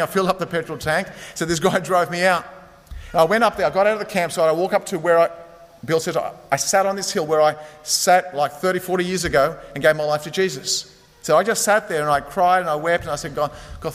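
A man's voice: fairly high pitch, steady tone, fast, fairly bright tone, long reverb tail. A man preaching a sermon, telling stories in a conversational way with frequent fillers. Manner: conversational storytelling, many fillers. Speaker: pastor.

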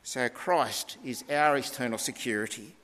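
A man preaching a sermon in a measured teaching tone with deliberate emphasis. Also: mid-range voice, bright, forceful tone. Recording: long reverb of a large hall.

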